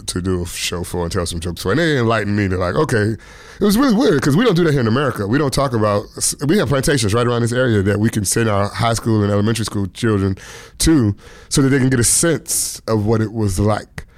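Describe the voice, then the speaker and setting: A stand-up comedian in his thirties or forties, from the Washington, D.C. area, guests on an interview and tells stories loosely and casually, chuckling often. His lowish voice is expressive and brisk, recorded in a clean studio with no room sound.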